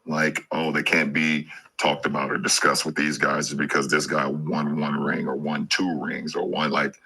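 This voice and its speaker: A man talking casually on a podcast, halting and often restarting his sentences. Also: very deep voice, monotone, creaky, sharp tone, breathy edge.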